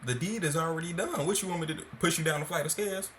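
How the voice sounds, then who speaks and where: A man's voice: a little high, fast, fairly bright tone, slight background noise. A man hosting a podcast, reacting in a laid-back, joking, slightly unsure way. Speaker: host. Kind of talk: casual podcast chat.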